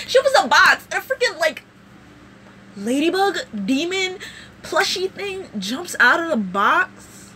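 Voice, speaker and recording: A woman vlogger recapping a show in casual, rambling, animated storytelling. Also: very high voice, normal speed, background noise.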